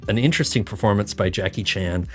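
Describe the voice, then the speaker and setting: A man's voice: on the low side, quick pace, faint music behind. A man as a podcast guest, giving a wry, blunt take on a film and swearing casually.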